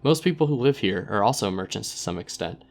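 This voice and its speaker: Man, lowish voice, relaxed game narration and commentary, casting note. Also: a little fast, creaky. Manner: relaxed, thinks aloud with fillers. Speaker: gaming video host. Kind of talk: reading game text aloud with commentary.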